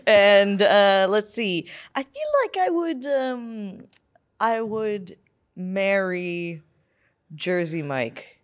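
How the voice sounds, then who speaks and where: A young woman co-hosting a comedy podcast, joking playfully with dry, drawn-out delivery and frequent laughter. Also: mid-range voice, expressive. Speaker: podcast co-host. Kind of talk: casual comedic chat.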